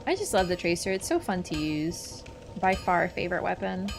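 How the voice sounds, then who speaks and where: A woman's voice: lowish voice, big pitch swings, normal speed, vocal fry, over music. A woman who chats casually while playing a game on stream. She laughs often and answers her viewers as she goes. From Canada. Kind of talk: casual gaming livestream chat.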